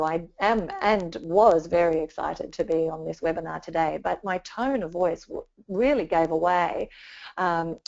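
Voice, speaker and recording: A woman's voice: lowish voice, darkish tone. A woman giving a communication training webinar, talking conversationally with lots of fillers and restarts. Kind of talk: webinar presentation. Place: home or office, remote webinar. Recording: dull lo-fi webinar audio.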